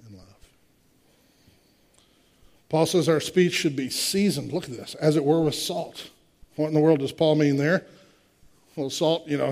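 A man's voice: on the high side, a little mellow. A man in his sixties preaching a sermon, emphatic, with rhetorical questions and direct asides to the congregation. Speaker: pastor.

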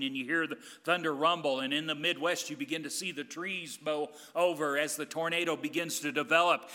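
Intense, bright-voiced male preacher. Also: fairly high pitch. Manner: emphatic, intense, swings between loud and hushed. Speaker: pastor. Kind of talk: sermon.

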